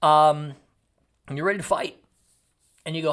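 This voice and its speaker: A man's voice: fairly high pitch, lively intonation, normal speed, long pauses. A middle-aged man from Texas, a podcast host giving a blunt, jokey motivational monologue.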